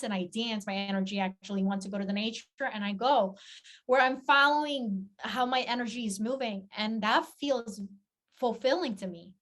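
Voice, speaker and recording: A woman's voice: medium pitch, fairly bright tone. A woman confidence coach speaking in a casual podcast interview, earnest, heartfelt and reflective.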